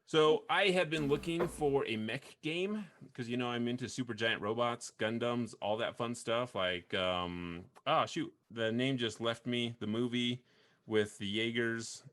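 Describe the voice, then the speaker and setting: A man's voice: mid-range voice, unhurried, fairly bright tone. Rambling, easygoing male podcast host. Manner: rambling, laughs often, many restarts. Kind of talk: casual chat about video games.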